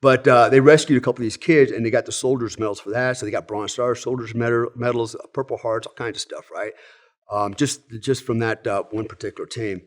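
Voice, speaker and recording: A middle-aged man from the United States, a former soldier telling stories in a relaxed, casual way, with many fillers and asides. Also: medium pitch, brisk. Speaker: guest, former Delta Force soldier. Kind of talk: casual storytelling.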